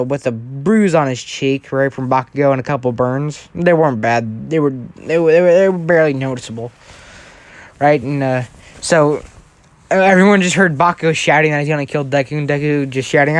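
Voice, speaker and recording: Telling a fan-fiction tale in a rambling way, this young man frequently starts over and asks "right?" to check in. His voice is a little high and a little fast, with no echo.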